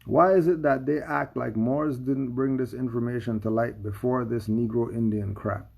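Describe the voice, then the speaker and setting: Gravelly, husky man ranting. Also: medium pitch, steady tone, moderate pace, highs cut off. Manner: emphatic, full of rhetorical questions. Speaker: commentator. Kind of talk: livestream commentary.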